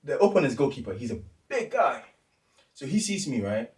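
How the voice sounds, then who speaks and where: A man's voice: mid-range voice, normal speed. A man on a podcast, telling a story animatedly in casual street slang and acting out what others said. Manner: animated, acts out quoted voices, street slang. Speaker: podcast co-host. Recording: echoey room, distant mic.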